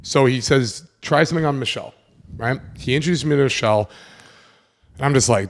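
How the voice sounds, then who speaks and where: A man in his twenties hosting a podcast, telling a personal story in a casual, animated way and acting out the voices of the people in it. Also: medium pitch, fast talker. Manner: animated, acts out quoted voices, swears casually. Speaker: podcast host.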